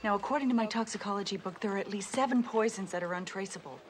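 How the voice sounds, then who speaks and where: A woman's voice: mid-range voice, quick pace, slight background noise, natural voice. An actress playing an earnest, bookish female police detective with a precise way of talking. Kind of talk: 1980s sitcom acting.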